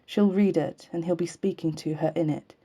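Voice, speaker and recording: A woman with a lowish, mellow voice reads a novel aloud. Her delivery is measured and unhurried. Now and then she stumbles and restarts a word instead of cutting the slip out. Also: fairly even intonation, husky. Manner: measured, unhurried reading with occasional slips and restarts left in. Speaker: reader.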